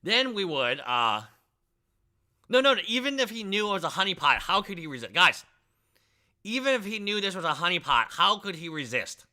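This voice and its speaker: Excitable, bright-voiced male streamer. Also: high-pitched. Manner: excitable, rambling, jokey, quick bursts of enthusiasm. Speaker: live stream host. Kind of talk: casual live stream chat.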